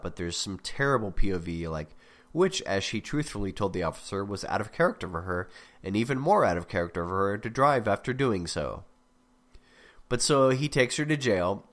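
A man with a somewhat low voice and a slightly sick sound talks through a story critique in a loose, rambling way. He interrupts himself and tosses in dry, wry asides as a podcast host. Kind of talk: casual spoken critique.

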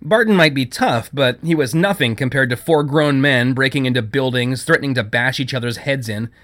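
A man narrating a story as an audiobook, with expressive storytelling. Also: medium pitch, a little fast.

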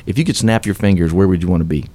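Man, very low voice, radio interview guest, earnest, upbeat, motivational storytelling. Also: racing, mellow, no echo. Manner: earnest, upbeat, preacher-like emphasis. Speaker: radio show guest, business owner.

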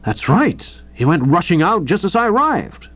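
A man playing a large, blustering old theatre producer who barks his lines, his pitch leaping about. The sound is dull and lo-fi. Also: big pitch swings, moderate pace. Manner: bellowing and gruff, then deflated. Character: huge, blustering older male theatre producer. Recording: dull lo-fi audio.

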